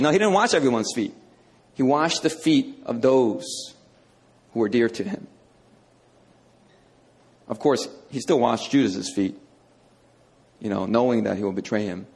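A man's voice: medium pitch, normal speed, long pauses. A male preacher teaching a sermon in a conversational, emphatic way, often checking in with "okay".

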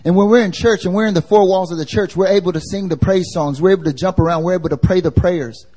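Brief: male preacher, somewhat high voice with a mellow tone, conversational sermon, quizzes the listeners. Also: quick pace. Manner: casual and slangy, asks the congregation questions. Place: church service.

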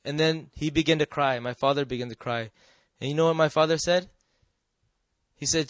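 A man giving a personal testimony to an audience, telling his story earnestly and often checking in with the listeners, sometimes dropping soft and quiet. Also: fairly high pitch, fairly even intonation, moderate pace, no echo. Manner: earnest and emotional, drops soft and quiet at tender moments. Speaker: speaker sharing a personal testimony.

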